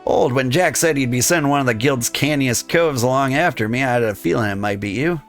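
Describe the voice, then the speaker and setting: A man's voice: medium pitch, fairly quick, faint music behind, natural voice. A man doing a sly streetwise rogue. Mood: scheming. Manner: rough talk full of thieves' slang. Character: gruff male rogue guild member, sly and streetwise. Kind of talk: reading game dialogue aloud.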